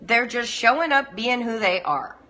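A woman's voice: on the high side, lively intonation, moderate pace, sharp tone. A middle-aged woman giving a chatty live-streamed talk to home-educating parents, laughing often as she goes.

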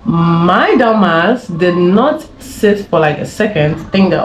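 A young woman from Ghana, a chatty YouTuber, tells a casual story in a low, animated voice, speaking slowly with few pauses. She laughs and rambles with many fillers, recorded in an echoey room with faint ambience and slight background noise.

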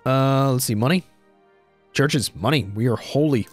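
A man's voice: medium pitch, measured pace, faint music behind. A young man giving casual let's-play commentary on a strategy game, thinking aloud, repeating himself and saying "dude".

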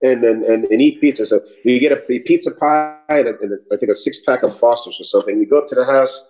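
A man from New York, an actor and comedian, telling anecdotes in an animated way, switching voices and swearing casually. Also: mid-range voice, quick pace, over music, low-quality recording. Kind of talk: anecdotal storytelling.

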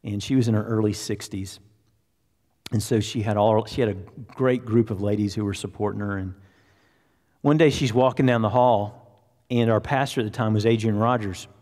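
A pastor tells a story from the pulpit in a relaxed, conversational way, acting out the people in it. His voice sits on the low side for a man. The sound carries a long reverb from a large church hall. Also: moderate pace. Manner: conversational, anecdotal, acts out quotes. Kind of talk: sermon storytelling.

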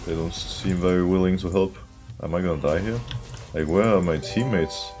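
A man with a very low, deep voice talks his way through a live game, reacting loudly, laughing and chatting with his viewers. Soft music plays behind him. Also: normal speed. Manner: excitable, laughing, talks to chat. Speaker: streamer playing a game. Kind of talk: casual live game commentary.

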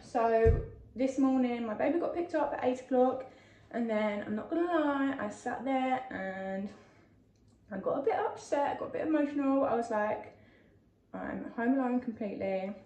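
A young woman rambles through a casual vlog, full of "like" fillers and self-deprecating asides. Her voice sits a little high, and she sounds set back from the mic in an echoey space with faint noise behind. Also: expressive, normal speed, warm tone, recorded from a distance, dull audio. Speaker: vlogger.

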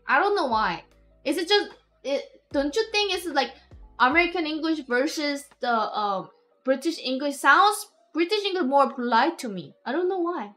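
Woman, high and sharp-toned, giggly rambling stream chat. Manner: rambling, giggly, lots of restarts. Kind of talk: casual live-stream chat.

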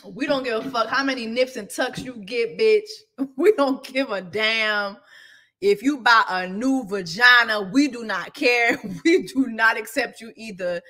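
A woman hosting a casual celebrity gossip show, talking loud and profane, laughing often and reading viewer comments aloud. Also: fairly high pitch, a little slow. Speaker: show host.

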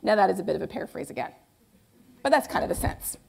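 A woman's voice: mid-range voice, lively intonation, quick pace, vocal fry, slightly rough. A woman giving a public lecture with slides. She talks in a conversational, emphatic way and often asks rhetorical questions that she answers herself. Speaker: guest lecturer.

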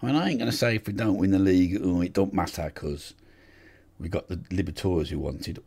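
A man's voice: low-pitched, brisk, vocal fry, a little mellow, breathy edge. A man commentating on a football management game, swearing and urging on his players in casual chat.

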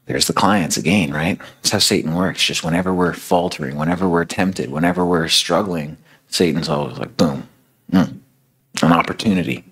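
Very deep, husky-voiced male preacher. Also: moderate pace, fairly bright tone. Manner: conversational, many fillers like "you know". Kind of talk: storytelling sermon.

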